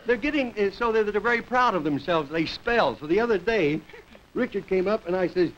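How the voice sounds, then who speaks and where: A man's voice: high-pitched, animated, a little fast. A man hosting a comedy show, giving a rambling, folksy stand-up monologue and chuckling at his own jokes before a studio audience. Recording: dull lo-fi 1950s television audio with loud hiss. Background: studio audience laughter.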